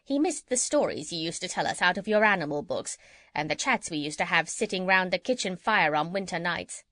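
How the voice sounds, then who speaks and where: A woman's voice: on the low side, a little fast, dry recording. A woman doing a chattering gossipy parrot. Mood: wistful. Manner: lively, chattering storytelling. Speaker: audiobook reader. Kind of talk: children's audiobook character reading.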